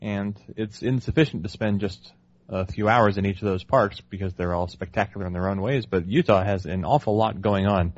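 A man's voice: lowish voice, brisk, no echo, muffled recording. A man co-hosting a casual chat, articulate and musing at length about words. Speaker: podcast co-host.

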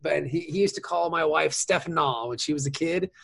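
A man hosting a podcast in casual chat, playful and quick to laugh. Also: on the high side, creaky, breathy edge. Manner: laughs often, animated, playful. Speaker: podcast host.

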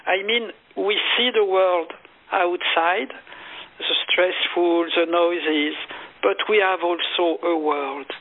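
A man with a high voice talks slowly and earnestly as a meditation teacher, stressing and repeating his key phrases. His voice comes through a narrow, tinny phone-line sound. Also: fairly even intonation. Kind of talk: interview storytelling. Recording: phone-line call audio.

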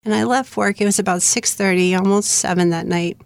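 A middle-aged woman tells her own story as a guest in an interview. Her voice has a gravelly, fry-edged texture and stays in a narrow, even band of pitch. She speaks in an earnest, plain way, recorded close and dry. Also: a little fast, dry recording. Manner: earnest, plain-spoken, steady narration. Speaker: memoir author guest.

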